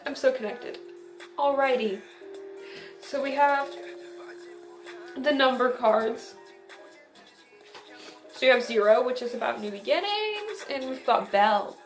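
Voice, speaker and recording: A woman's voice: sits high, animated, measured pace, pauses often. A bubbly, chatty young woman giving a casual tarot reading, often giggling. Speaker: tarot reader. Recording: echoey room with background music.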